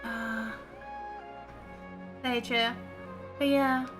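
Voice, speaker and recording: Giggly high-voiced woman streamer. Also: flat delivery, very slow, loud music behind the voice. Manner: giggly, chatty, reacting to chat. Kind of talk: casual gameplay chat.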